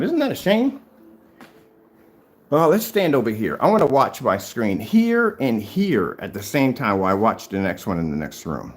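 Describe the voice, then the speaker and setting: Taunting man in his fifties, lively pitch. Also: fairly quick. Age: 50s. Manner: taunting and repetitive, pitch jumping up on challenges. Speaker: DIY projector screen paint vlogger. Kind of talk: confrontational video rebuttal. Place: at home, showing his screen.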